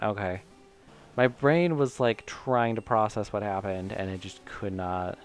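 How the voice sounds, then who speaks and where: A man from Michigan talks his way through a video game stream in a rambling, self-mocking, filler-heavy style, his voice sitting a little low. Faint music plays underneath him. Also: normal speed. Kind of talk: casual let's-play commentary.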